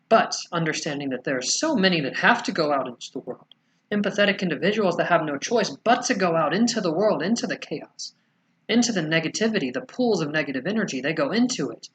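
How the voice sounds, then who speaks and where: A man channels a spiritual message as a collective "we," speaking slowly and soothingly. His voice is high-pitched, and he poses gentle rhetorical questions ending in "yes?".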